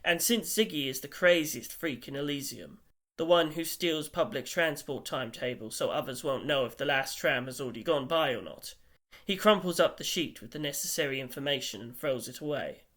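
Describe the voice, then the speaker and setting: A man narrating an audiobook in a measured, wry storytelling manner. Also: medium pitch, a bit bright.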